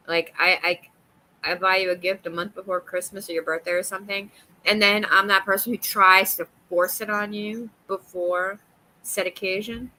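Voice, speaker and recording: A woman's voice: mid-range voice, bright, forceful tone, slight background noise, low-quality recording. A woman with a New York accent, chatting on a livestream in a giggly, rambling way and jumping from topic to topic. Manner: giggly, rambling, jumps between topics, breaks into silly voices. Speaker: livestream host. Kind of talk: casual livestream chat.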